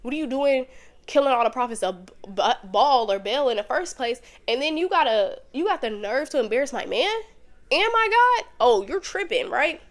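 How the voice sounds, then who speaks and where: A woman's voice: sits high, animated, normal speed. A woman doing a sassy scolding queen. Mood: indignant. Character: sassy controlling queen defending her man.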